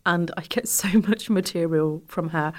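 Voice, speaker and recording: A woman's voice: fairly low pitch, moderate pace, darkish tone. A woman comedian, a guest in a casual interview, telling stories and laughing as she talks.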